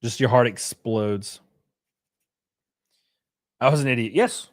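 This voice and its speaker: Reading through chat on his livestream, a young man talks at a slow, easygoing pace. His speech is relaxed, full of swearing and fillers, and he gets animated, suddenly shooting way up in pitch for his bits.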